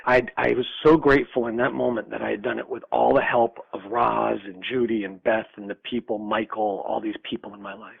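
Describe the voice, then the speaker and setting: Older male guest, 60s, raspy gravelly storyteller, lively and laughing, on a muffled dry line. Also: mid-range voice, brisk, few pauses, no echo. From upstate New York. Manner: animated storyteller, laughs often, acts out dialogue. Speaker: podcast guest. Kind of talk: storytelling interview. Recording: dull lo-fi dry sound.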